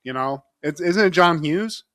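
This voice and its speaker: A man's voice: a little high, animated, measured pace, fairly bright tone, no room sound. A man co-hosting a podcast, chatting casually and joking with loose, offhand swearing. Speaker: podcast co-host. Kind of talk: casual chat.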